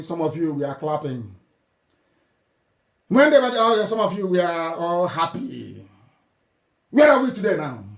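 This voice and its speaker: A man from southeastern Nigeria, giving a fiery political broadcast, scolding and mocking his listeners with scornful laughs. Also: sits high. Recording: roomy echo.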